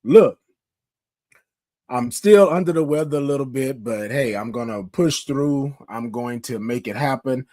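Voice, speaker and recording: Hoarse, sick man chatting to viewers. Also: mid-range voice, a little slow, mellow, dry recording. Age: 50s. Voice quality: rough, scratchy voice. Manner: chatty, greets viewers by name, calls them y'all. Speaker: live-stream host. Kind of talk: casual morning live-stream chat.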